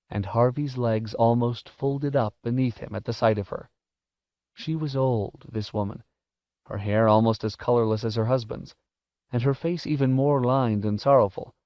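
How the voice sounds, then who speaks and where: Male audiobook narrator, measured and expressive, mid-pitched; dull dry cassette-era recording. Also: no echo. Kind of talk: scripted narration.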